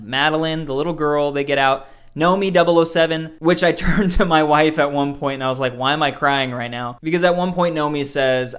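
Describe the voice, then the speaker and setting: Excited man reviewing a film. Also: on the high side. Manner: excited, talks in many "like" fillers, acts out scenes with little sound effects. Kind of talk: casual spoken movie review.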